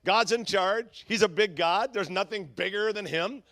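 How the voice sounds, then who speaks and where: A high, forceful male voice preaches a sermon with a gravelly edge, dropping from loud shouts to hushed asides in a chatty, filler-laden way. The sound is dry and close, with no room around it. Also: normal speed, no echo. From Southern California. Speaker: pastor.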